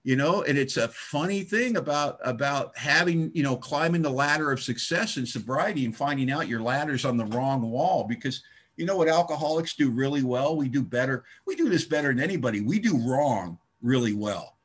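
A man's voice: mid-range voice, lively intonation, brisk, a bit bright, slightly rough. A middle-aged man speaking at a recovery meeting, telling his story with wry, self-mocking humor.

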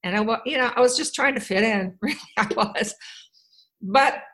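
A woman's voice: fairly high pitch, normal speed, fairly bright tone, rough recording. A woman from Wisconsin telling her own life story to a group, candid and rambling, with wry asides and frequent restarts. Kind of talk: personal storytelling talk.

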